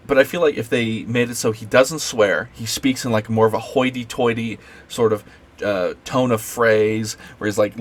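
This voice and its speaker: A man's voice: medium pitch, a bit bright. A man giving an unscripted late-night rant as a video creator, rambling with many fillers and restarts.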